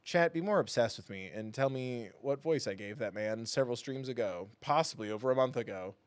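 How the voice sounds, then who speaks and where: A man's voice: medium pitch, a little fast, clear, resonant tone, no echo. A male streamer chatting playfully with his audience while reading a game live. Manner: playful, chatty asides to chat.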